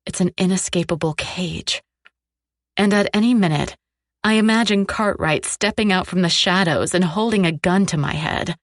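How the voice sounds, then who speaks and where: A woman narrating a dark romance audiobook in the first person, low, tense and sardonic. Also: normal speed, dry recording, studio quality.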